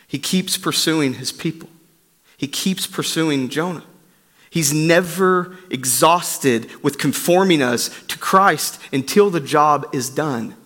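A man's voice: fairly high pitch, sharp tone, long reverb tail. A male pastor giving an emphatic, repetitive sermon to a congregation in a church.

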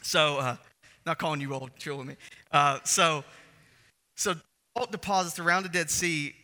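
A man's voice: on the high side, fairly even intonation, moderate pace, bright, forceful tone. A man preaching a sermon as pastor, emphatic and repeating phrases for stress. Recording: echoey hall reverb.

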